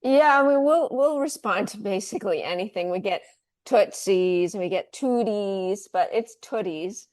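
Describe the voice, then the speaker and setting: A woman speaking as a guest in a casual radio interview, relaxed and chatty with frequent laughs. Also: medium pitch, moderate pace, few pauses. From United States. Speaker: guest, food company founder.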